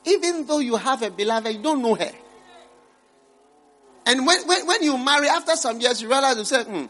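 A middle-aged man preaching a sermon, rising to loud emphatic peaks and dropping to low murmured asides. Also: lively intonation, normal speed. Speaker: pastor.

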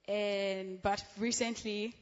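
Young woman from Ghana, church testimony, excitable with frequent laughs, dull echoey hall recording. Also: mid-range voice, takes it slowly. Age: young adult. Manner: giggly, excitable, laughs often between phrases. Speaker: church member giving testimony.

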